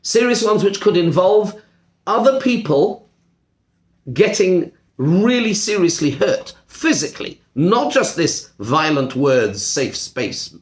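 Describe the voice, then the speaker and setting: Animated, emphatic male rabbi teaching. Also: high-pitched, takes it slowly. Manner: animated, emphatic, repeats words while thinking. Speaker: rabbi teaching a seminar class. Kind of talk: discussion-style lecture.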